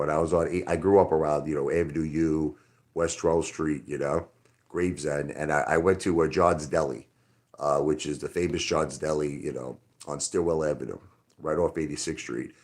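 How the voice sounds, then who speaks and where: Low-voiced man rambling on a livestream. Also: moderate pace. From Brooklyn, New York. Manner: rambling, talks straight to chat. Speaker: livestream host. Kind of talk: casual livestream chat.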